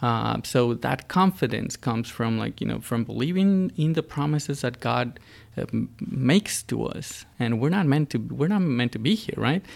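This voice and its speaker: Gravelly guy chatting about faith, lots of uh's and restarts, gets emphatic. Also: mid-range voice, expressive. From United States. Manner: halting, many fillers and restarts; earnest, builds emphatically. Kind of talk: casual religious discussion.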